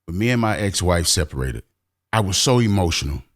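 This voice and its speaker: A man's voice: deep voice, very animated, fairly quick. A middle-aged man co-hosting a podcast, talking emphatically and expressively in casual chat. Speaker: podcast co-host.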